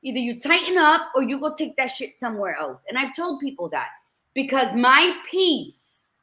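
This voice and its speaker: Outspoken woman podcast co-host, swings widely in pitch. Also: normal speed. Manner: blunt, animated, swears freely. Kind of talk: candid podcast chat.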